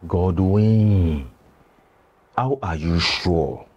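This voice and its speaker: Brief: a grave older Nigerian village elder, husky, low and unhurried, pleading in proverbs. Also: male voice, darkish tone, lo-fi sound, heavily acted. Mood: solemn. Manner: slow, pleading, speaks in proverbs.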